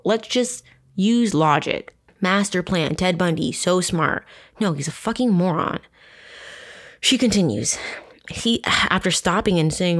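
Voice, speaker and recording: A woman's voice: on the low side, moderate pace. Sarcastic woman narrating true crime. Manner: profane, sarcastic asides. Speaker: podcast host.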